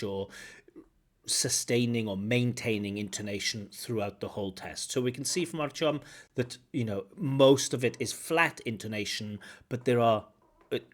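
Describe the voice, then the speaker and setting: A man giving feedback on a speaking test, explaining points and repeating phrases aloud to model intonation. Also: mid-range voice. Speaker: IELTS examiner giving feedback. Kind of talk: teaching commentary.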